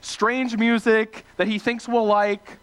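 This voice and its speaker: A young man from small-town Ohio giving a casual, animated storytelling sermon, full of fillers and self-deprecating asides. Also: high-pitched, takes it slowly, smooth. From small-town Ohio, USA. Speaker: preacher.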